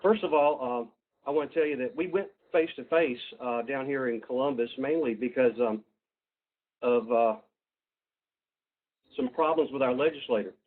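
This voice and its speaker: A man with a Southern US accent presenting a webinar, folksy and halting with many fillers and restarts. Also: mid-range voice. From Georgia, US. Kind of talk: presenting a webinar over slides. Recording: tinny phone-like line.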